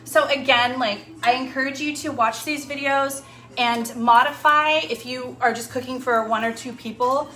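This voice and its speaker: A woman's voice: high-pitched, fairly even intonation, normal speed, pushed and bright. A young woman hosting a casual cooking demo in her home kitchen, chatting loosely with lots of fillers as she works. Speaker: home cooking show host.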